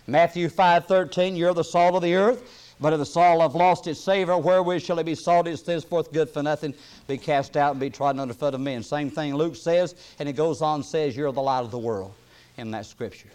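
A man preaching a sermon, reading King James scripture aloud with rising emphasis and dropping soft between readings, with plain folksy asides. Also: on the high side, fairly even intonation, brisk, smooth.

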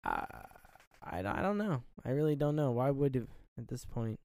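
A man's voice: medium pitch, sing-song, normal speed, vocal fry, a little mellow, no room sound. A man co-hosting a casual movie review podcast, rambling and swearing, often acting out lines from the film. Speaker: podcast co-host.

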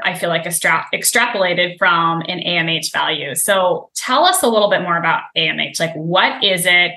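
A woman's voice: lowish voice, sharp tone. A woman hosting a podcast interview, asking thoughtful, probing questions. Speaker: podcast host. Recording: echoey room.

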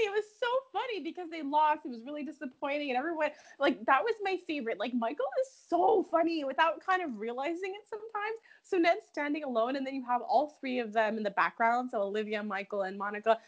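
A woman co-hosting a casual podcast, talking in a high, bouncy voice that swoops all over. She is animated and giggly, full of fillers and quick laughs. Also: lo-fi sound. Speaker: podcast co-host. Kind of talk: casual chat recapping a soap opera.

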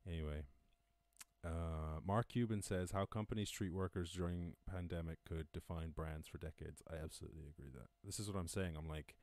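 A man's voice: sits low, fairly even intonation, brisk, darkish tone, dry recording. A man with an Irish accent hosting a casual live-stream, reading news and riffing on it, swearing freely and laughing at his own jokes. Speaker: podcast host. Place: home during lockdown.

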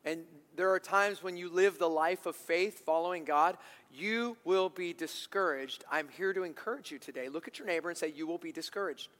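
A male pastor giving an animated sermon in a church, building to loud, emphatic bursts. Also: a little high, normal speed, in a large hall.

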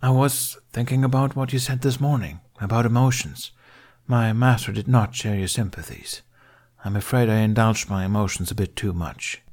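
A man's voice: on the low side, normal speed, a little mellow, close to an everyday voice. A man doing a resentful, hurting young male apprentice, voice lifted and strained, storybook reading. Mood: uncertain. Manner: sulky, pleading, voice rising when upset.

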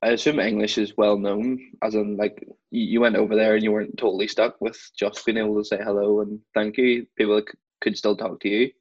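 A man's voice: on the low side, little pitch movement, brisk, few pauses, slightly rough. A man hosting a casual chat, joking around and telling stories. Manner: joking, storytelling. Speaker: host. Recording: dull lo-fi recording.

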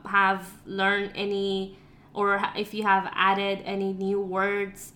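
A woman's voice: medium pitch, sharp tone. A woman hosting a podcast, talking frankly and laughing easily in a casual interview. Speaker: podcast host.

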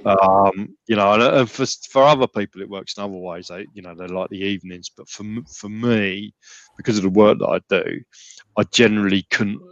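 A man's voice: fairly low pitch, a little fast, no room sound, highs cut off. A man talking casually as a podcast guest, rambling with many restarts and fillers. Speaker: gym client and podcast guest.

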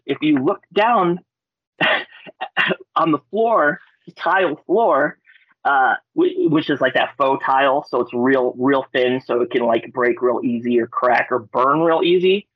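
A man from Alaska, a podcast guest, telling ghost stories in a casual way, with lots of fillers and animated quotes. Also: no room sound. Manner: animated, acts out quotes with loud high-pitched voices; laid-back, frequent fillers and swearing. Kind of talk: casual storytelling. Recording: dull lo-fi podcast audio.

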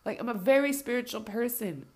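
A woman's voice: on the high side, animated, fairly quick, darkish tone, breathy edge. A woman delivering an impassioned spoken rant, blunt and heavily profane, hammering points home by repeating herself.

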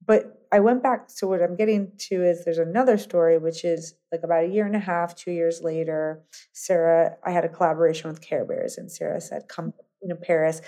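Middle-aged lady rambling through a business story, mellow lowish voice, lots of likes and you knows. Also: fairly quick. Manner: rambling, animated storyteller with many fillers and restarts. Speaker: guest entrepreneur. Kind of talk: casual interview storytelling.

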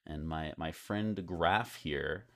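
A man's voice: very deep voice, takes it slowly, vocal fry, a bit bright. A man hosting a podcast in loose, rambling casual chat, swearing now and then. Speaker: podcast host.

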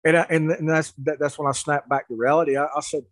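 A man telling a story in casual chat, animated, with laughs and restarts. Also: on the high side, fast, no echo, low-quality recording.

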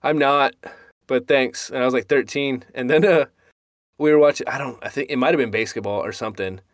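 A man's voice: medium pitch, quick pace, no room sound, clean studio sound. A young man co-hosting a casual podcast, telling rowdy stories with lots of laughing. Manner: laughing, animated storyteller. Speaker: podcast co-host. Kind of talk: casual chat, storytelling.

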